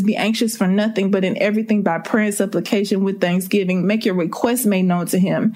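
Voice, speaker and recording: A woman's voice: on the high side, a little mellow. A woman preaching a sermon with impassioned, repeated rhetorical questions.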